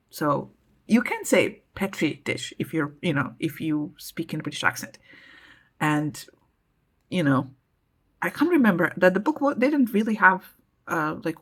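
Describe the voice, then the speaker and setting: A woman's voice: deep voice, a bit bright. Chatty, rambling woman book vlogger. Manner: chatty, rambling, with frequent hesitations. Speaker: book vlogger, channel host. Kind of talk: casual book vlog chat.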